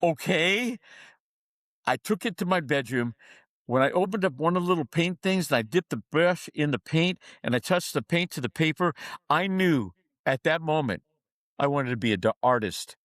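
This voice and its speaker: A man's voice: on the high side, expressive, normal speed, a bit bright, no echo, studio quality. A man who coaches and speaks to dentists, telling stories in a podcast interview with an emphatic, preacher-like cadence and acting out the voices of the people in his stories.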